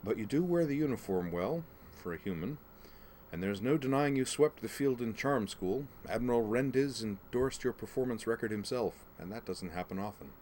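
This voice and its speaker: A man's voice: mid-range voice, expressive, darkish tone, a little hiss or hum, voice pushed up, lightly acted. A man voicing a stern alien woman admiral. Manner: dry, measured, authoritative.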